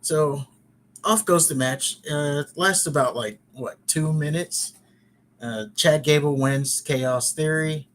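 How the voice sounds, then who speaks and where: A man's voice: fairly high pitch, slow pace, fairly bright tone, slight background noise. A man hosting a podcast, casually recapping wrestling in a chatty, rambling way with joking asides. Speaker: podcast host.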